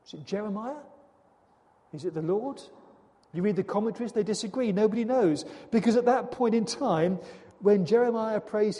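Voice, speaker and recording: A man's voice: high-pitched, warm tone. A man preaching a sermon in an earnest, dramatic way, full of rhetorical questions. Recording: long hall reverb.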